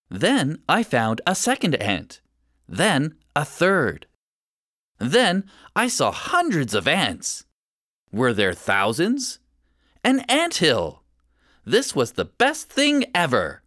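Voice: mid-range voice, a bit bright, dry recording, studio quality. A storyteller reading a first-person children's story aloud with expression.

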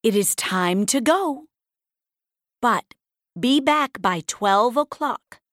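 A woman's voice: fairly high pitch, animated, slow, a bit bright, dry recording, studio quality. A woman voicing a wise, kind old woman who helps the heroine in a storybook. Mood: gentle.

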